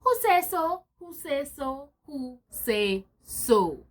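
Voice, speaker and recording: A woman voicing a blustering, indignant village bad man in a storybook reading, loud and huffy, repeating himself three times over. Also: high voice, big pitch swings, a little slow, heavily acted.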